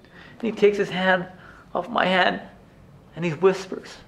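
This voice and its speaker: Guy acting out a haunted inmate reliving his childhood, highish voice, halting and emotional, stage monologue. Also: flat delivery, creaky, a little hiss or hum. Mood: anxious. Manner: halting, emotional storytelling with stammered restarts. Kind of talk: theatrical monologue.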